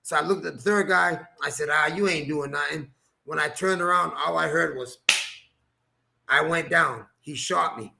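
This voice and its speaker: Gravelly bright-voiced male storyteller. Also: a little high, moderate pace, a little hiss or hum. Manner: animated storyteller, acts out quoted dialogue, laughs often. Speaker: guest, former boxer. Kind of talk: casual storytelling interview.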